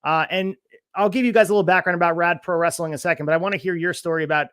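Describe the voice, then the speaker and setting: A man's voice: fairly high pitch, fairly even intonation, very fast, fairly bright tone, no echo, clean studio sound. A man hosting a wrestling podcast interview, upbeat and promotional as he sets up questions. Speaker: podcast host.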